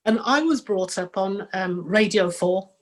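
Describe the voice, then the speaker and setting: A British woman chatting on a panel show, telling animated stories and acting out what people said to her. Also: medium pitch, measured pace. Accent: British English. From England. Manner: animated storyteller, slips into quoted voices. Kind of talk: casual panel chat.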